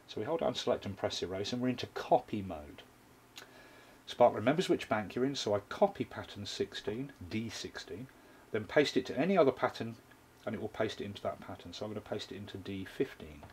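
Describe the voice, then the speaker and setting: A man's voice: fairly low pitch, husky. Man demonstrating a drum machine step by step. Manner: explains step by step while playing a drum machine. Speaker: music gear reviewer. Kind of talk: hands-on tutorial demonstration.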